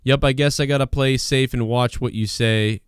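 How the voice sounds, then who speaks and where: Guy hosting his live stream, rambly and jokey, smooth voice, dry close sound. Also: mid-range voice, fairly even intonation, normal speed, no echo. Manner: rambling, joking, slangy. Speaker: live show host. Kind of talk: casual live-stream chat.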